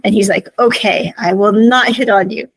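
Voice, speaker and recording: A woman's voice: mid-range voice, fairly even intonation, normal speed, slightly rough, dry recording, rough recording. A woman hosting a casual review show, retelling scenes of a drama in quoted dialogue with many asides. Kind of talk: casual recap and commentary.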